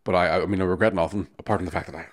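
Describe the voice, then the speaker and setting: A man's voice: low voice, fairly even intonation, racing. A man, co-hosting a podcast, telling sweary, jokey stories and laughing often. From Northern Ireland. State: jet lagged. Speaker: podcast co-host. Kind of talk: casual chat.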